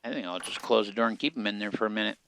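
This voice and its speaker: A man giving relaxed, casual commentary as he plays a survival game, talking half to himself. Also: lowish voice, racing, a little hiss or hum. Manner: relaxed, muttering to himself while playing. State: hiccups. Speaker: game streamer.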